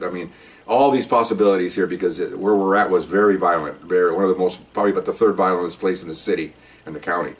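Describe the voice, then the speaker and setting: A man's voice: low voice, quick pace, far from the mic. An older man, a retired police officer, telling a story from his career in a casual, rambling way, often repeating and restarting words.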